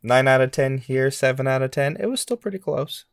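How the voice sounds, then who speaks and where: A man co-hosting a podcast game segment, relaxed and chatty, laughing easily. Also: mid-range voice, a little fast, vocal fry, no echo, studio quality. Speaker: podcast co-host. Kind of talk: casual game-show chat.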